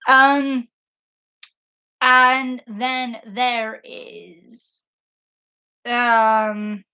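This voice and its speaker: A woman with a fairly high voice hosts a casual livestream about a book series, unhurried in her delivery. She talks effusively and emotionally, breaking into laughs and filling pauses with ums and uhs. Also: flat delivery, sharp tone, smooth, muffled recording. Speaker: podcast host.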